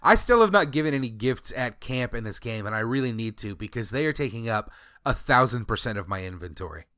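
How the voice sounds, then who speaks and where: A man's voice: mid-range voice, expressive, fairly quick, pushed and bright, clean tone, no room sound, studio quality. Blunt, sweary man on a podcast. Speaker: podcast co-host. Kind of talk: casual chat recapping a video game.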